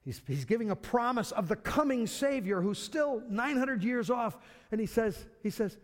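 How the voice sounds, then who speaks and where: A man's voice: extremely high pitch, expressive, normal speed. A man preaching a sermon in a conversational way, often repeating words as he restarts. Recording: reverberant hall.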